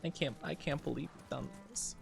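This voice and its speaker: A man's voice: medium pitch, a little fast, creaky, soft background music. A young man streaming a game, chatting with his viewers and playfully denying their teasing. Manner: playfully defensive, teasing denials to chat.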